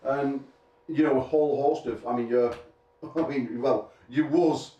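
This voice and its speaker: A man's voice: mid-range voice, steady tone, a little slow, warm tone, lo-fi sound. A middle-aged man, an arm wrestling promoter bantering at a press conference, rambling and telling crude jokes with frequent laughter. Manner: rambling, crude joking storyteller who laughs often. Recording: echoey room from a distance.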